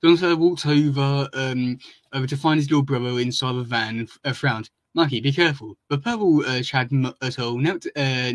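Halting man reading fan fiction aloud. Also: mid-range voice, no room sound. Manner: halting, full of fillers and restarts, laughing often. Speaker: podcast host.

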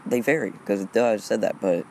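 A man's voice: on the low side, fairly quick, mellow, a little hiss or hum. A teenage boy from Texas rambling through a solo podcast, hesitant and full of fillers, recorded outdoors. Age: teens. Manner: hesitant, repeats fillers often. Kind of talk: rambling casual monologue. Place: outdoors in wind.

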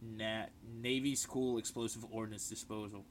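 A young man on a casual podcast, telling military stories in an animated, swearing way and shouting out the lines he quotes. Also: fairly low pitch, moderate pace, a little hiss or hum. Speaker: podcast co-host, military veteran. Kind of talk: casual storytelling chat.

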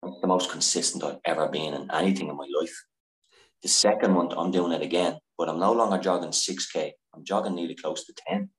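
A man with a deep, low voice tells a candid personal story as a podcast guest. He is earnest and emotional, swears freely and trips over his own sentences. The sound is roomy and echoey. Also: a little fast. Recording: echoey room.

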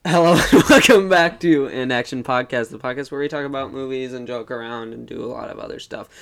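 A man's voice: mid-range voice, fairly quick, gravelly, a bit bright. Young man hosting a jokey podcast. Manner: jokey, laughs often. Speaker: podcast host. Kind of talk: casual chat.

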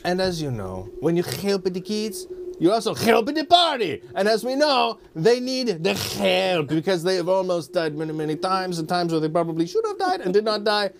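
A man's voice: high voice, very animated, moderate pace, gravelly, a little hiss or hum, exaggerated voice. A man voicing a cheerful male merchant with a put-on foreign accent and stiff, overly formal phrasing. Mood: salesy.

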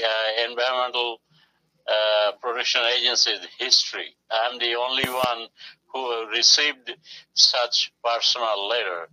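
Very bright-voiced man, halting speech. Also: mid-range voice, rough recording. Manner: hesitant, many fillers. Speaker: poet guest. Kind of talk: casual interview chat.

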